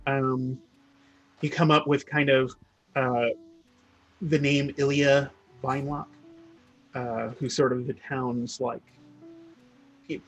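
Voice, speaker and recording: A man narrating as game master, halting often with fillers and restarts. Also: a little high, rough recording.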